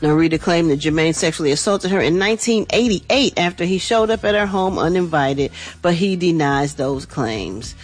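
A woman's voice: lowish voice, animated, normal speed, hardly any pauses. Woman, radio morning show entertainment host, casual chatty delivery. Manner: chatty, casual, addresses listeners as y'all.

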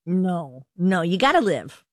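A woman's voice: fairly low pitch, sing-song, measured pace, no echo, clean studio sound. A woman co-hosting a casual radio talk show, giving short teasing replies. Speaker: radio co-host.

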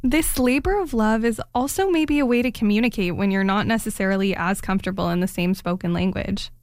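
A woman's voice: medium pitch, a little fast, darkish tone, no echo, clean studio sound. Woman host asking thoughtful questions. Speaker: interviewer, host. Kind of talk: casual interview conversation.

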